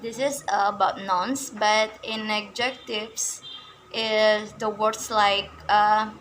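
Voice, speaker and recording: A young woman student, slowly presenting a class video on word stress, with many fillers and self-corrections. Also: mid-range voice, fairly even intonation, a bit bright, slight background noise, poor audio. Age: young adult. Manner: reads word lists aloud, stressing each word.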